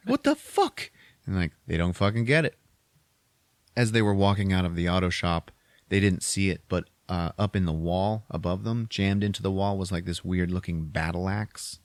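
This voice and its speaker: A podcast host retelling a movie plot in a casual, profane, animated way, jumping into voices for the characters. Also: male voice, sits low, normal speed, dry recording.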